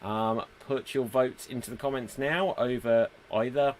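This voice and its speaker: A man's voice: mid-range voice, steady tone, a little slow. A man hosting a live online improv show, reading viewer comments and setting up scenes. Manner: easygoing, reads out viewer comments, sets up scenes. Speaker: host.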